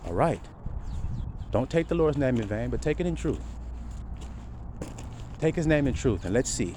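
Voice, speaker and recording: Man preaching with wildly swinging pitch. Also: very animated, moderate pace. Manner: preaching, swinging from low murmurs to loud cries. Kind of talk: street sermon. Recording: faint street noise behind.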